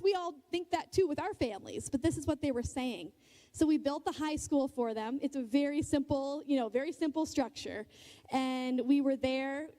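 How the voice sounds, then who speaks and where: A woman's voice: sits high, warm tone. A middle-aged woman giving a conversational, earnest talk in church as a guest speaker, telling stories and checking in with the audience. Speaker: guest speaker, nonprofit leader.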